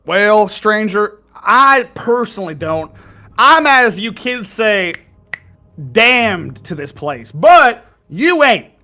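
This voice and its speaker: A man's voice: high voice, sing-song, slow pace, sharp tone, full character voice. A man voicing a jovial, slightly drunk male skeleton guide in a tabletop game, rambling in a folksy drawl with chuckles. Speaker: game master.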